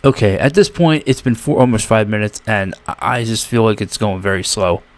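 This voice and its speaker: A man's voice: fairly low pitch, brisk, slight background noise. An American man giving casual reaction commentary, with joking, incredulous asides. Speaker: reaction video host.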